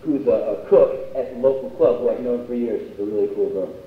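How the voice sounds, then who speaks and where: A man's voice: mid-range voice, a little fast. A man performing live spoken word, telling a story in a blunt, profane, conversational way. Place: university union hall, live stage. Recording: distant echoey hall, dull live tape.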